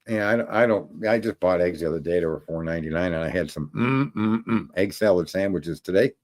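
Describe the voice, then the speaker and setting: A man's voice: low-pitched, quick pace, darkish tone. Rambling, swearing man ranting casually. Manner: rambling, swears a lot, laughs at own jokes. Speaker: show host. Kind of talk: casual rant to viewers.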